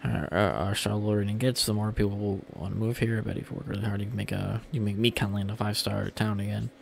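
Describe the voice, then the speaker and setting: A young male streamer chats loosely with his viewers as he plays, rambling and swearing casually. His voice sits on the low side with a gravelly rasp, and there is a faint hiss behind him. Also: fairly even intonation, fast. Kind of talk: casual gameplay livestream chat.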